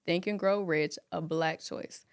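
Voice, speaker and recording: A woman's voice: fairly low pitch, fairly even intonation, a little slow, smooth. Emphatic young woman podcast guest. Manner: emphatic, repeats phrases for effect. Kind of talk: casual chat.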